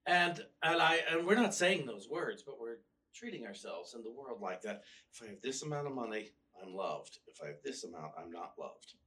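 A man's voice: medium pitch, very animated, moderate pace, pushed and bright, recorded from a distance. A male minister giving a casual, storytelling sermon with wry humor, often restarting his sentences. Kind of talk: conversational sermon. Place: church.

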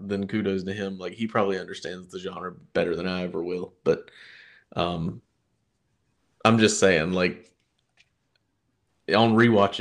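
Rambling man chatting about films. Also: low voice. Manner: rambling, enthusiastic, many restarts and fillers. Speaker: podcast co-host. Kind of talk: casual film discussion.

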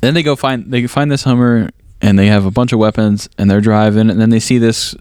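A man's voice: lowish voice, fairly even intonation, fairly quick, darkish tone, clear, resonant tone, no echo, studio quality. A man co-hosting a casual movie podcast, recapping plot in a rambling way full of fillers and laughs. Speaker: podcast co-host. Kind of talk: casual movie review chat.

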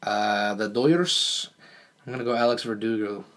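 A man's voice: fairly low pitch, moderate pace, a bit bright. A man co-hosting a casual sports podcast, brash and jokey with lots of slang. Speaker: podcast co-host.

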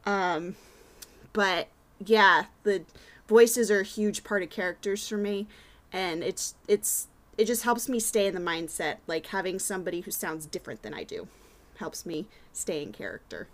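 A woman chatting earnestly on a tabletop gaming panel, her voice sitting at an ordinary middle pitch. She talks in a loose, friendly way, full of fillers and restarts. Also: expressive, moderate pace. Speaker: podcast guest, tabletop player. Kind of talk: casual panel discussion.

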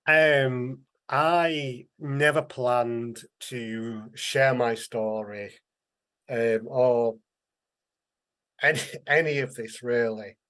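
An earnest man tells his life story in a candid, conversational way. His voice sits in a middle pitch, and he acts out the people he quotes with bright, lively voices. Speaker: interview guest, author.

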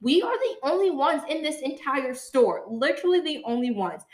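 A woman's voice: sits high, big pitch swings, moderate pace. Young woman telling stories in a roomy space. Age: young adult. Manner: chatty, says "like" a lot, talks to listeners as "guys". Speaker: podcast co-host. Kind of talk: casual storytelling. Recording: roomy sound from a distant mic.

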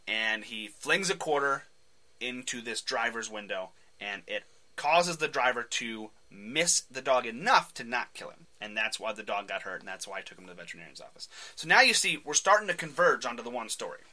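Male podcast host, lively storyteller, very bright tone. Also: medium pitch, brisk. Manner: animated, acts out voices, laughs often. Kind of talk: casual podcast chat, retelling a comic.

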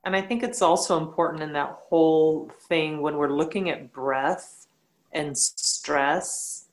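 A woman, a yoga teacher, speaking bluntly and telling animated stories in a casual podcast conversation. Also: low-pitched, takes it slowly, low-quality recording.

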